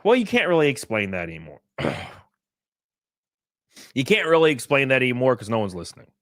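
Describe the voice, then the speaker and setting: A man's voice: mid-range voice, wildly swooping pitch, brisk, fairly bright tone, dry recording, clean studio sound. A man from California hosting a casual livestream, reading chat and reacting, swearing often and laughing a lot. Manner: profane, laughing, acts out other people's voices. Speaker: livestream host.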